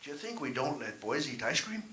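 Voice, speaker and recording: A man's voice: medium pitch, very animated, a little fast, bright, forceful tone, reverberant. A man voicing a stern, blunt Irish pub hostess who scolds without any filter. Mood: scolding.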